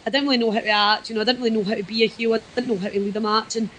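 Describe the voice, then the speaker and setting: A woman's voice: a little high, steady tone, rapid-fire, fairly bright tone, a little hiss or hum, poor audio. A Scottish woman, a wrestler guest, chatting casually and self-deprecatingly in a podcast interview. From Scotland.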